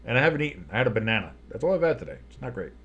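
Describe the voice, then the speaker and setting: A young man giving casual live play-by-play commentary, chatty and swearing, tired and yawning, who bursts into shouts on big plays. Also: mid-range voice, sing-song, rapid-fire, dull audio. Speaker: play-by-play streamer.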